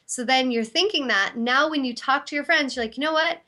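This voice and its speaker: A woman's voice: high voice, a little fast, bright, forceful tone. Encouraging woman giving a self-help talk. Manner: earnest, encouraging, acts out inner dialogue. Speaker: intuitive healer and show host.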